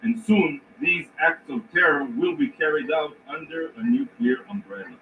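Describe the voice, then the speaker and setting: Man giving an indignant formal speech to a council, bit high voice, distant and muffled, faint hiss. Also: sing-song. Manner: emphatic, indignant, measured pauses. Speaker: ambassador addressing the Security Council. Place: large council chamber. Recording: distant, dull rebroadcast with faint noise.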